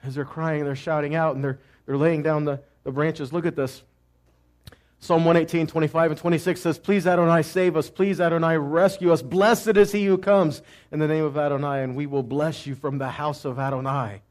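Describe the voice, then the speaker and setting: At a normal speed and with fairly even intonation, a messianic teacher with a high voice preaches a teaching sermon. He often questions his listeners and answers himself, moving between loud cries and quiet asides.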